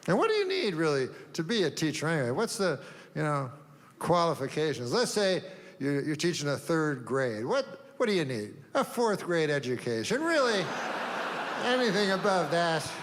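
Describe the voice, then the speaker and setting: Performing in a large hall, this older comic works deadpan, meandering through lengthy setups punctuated by long pauses and abrupt asides. His pitch runs fairly high.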